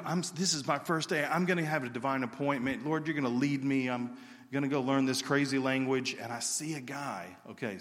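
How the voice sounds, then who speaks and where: Preacher guy telling stories, acts out the quotes, bright punchy voice, big reverby church. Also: medium pitch. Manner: animated storyteller, acts out quotes. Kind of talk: sermon storytelling. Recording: reverberant hall.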